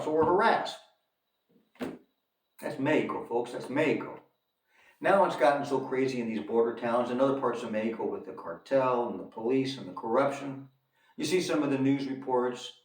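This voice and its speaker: A man in the middle range of pitch tells a long story in an emphatic rant and hammers points home by repeating them. His voice rings in a roomy space and sits well back from the mic. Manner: emphatic, repeats lines for effect, addresses viewers as folks. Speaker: commentator on his own channel. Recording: echoey room, distant from mic.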